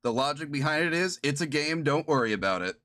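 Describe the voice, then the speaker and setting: A man's voice: on the high side, expressive, fast, pushed and bright, no echo, studio quality. A man streaming as game master of a tabletop playtest, laughing often and rambling through restarts. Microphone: streaming mic.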